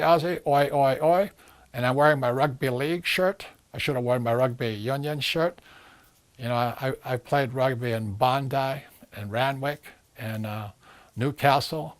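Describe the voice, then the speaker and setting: An older man speaking as a guest, giving a recorded message to an audience, emphatic and rambling, repeating his key phrases. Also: mid-range voice. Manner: rambling with frequent restarts.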